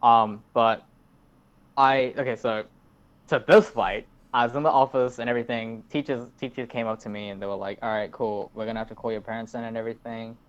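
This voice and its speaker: A man's voice: mid-range voice, fairly even intonation, a little fast, clean tone. A teenage man, rambling through a story in casual podcast chat and swearing a lot. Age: teens. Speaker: podcast host. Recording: dull lo-fi recording.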